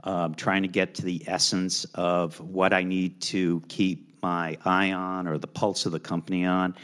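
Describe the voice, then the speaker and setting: A man with a very low voice speaks as a finance panelist in an event hall. He talks casually, saying "you know" often and restarting phrases. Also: flat delivery, a little slow, fairly bright tone. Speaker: panelist, company CFO. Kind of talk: panel answer.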